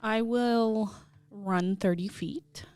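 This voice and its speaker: A woman at a tabletop game who thinks aloud while she plans her moves. Her voice is smooth and clear, and the sound is dry and close. She keeps a relaxed, chatty tone. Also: medium pitch, drawn-out words, dry recording. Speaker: player. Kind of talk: casual tabletop game play.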